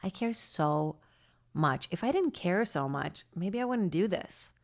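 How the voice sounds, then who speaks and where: A woman's voice: measured pace, gravelly. A woman in her thirties hosting her own podcast, telling rambling self-deprecating stories in a casual comedy monologue. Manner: rambling, self-deprecating, breaks into laughter, lively jumps in pitch. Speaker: podcast host and stand-up comic.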